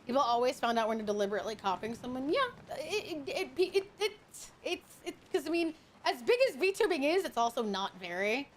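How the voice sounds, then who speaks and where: A woman's voice: high-pitched, big pitch swings, fairly quick, hardly any pauses, a little hiss or hum. A woman VTuber chatting casually while gaming, swearing freely and greeting viewers with affection. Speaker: VTuber streamer. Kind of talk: casual gaming stream chat.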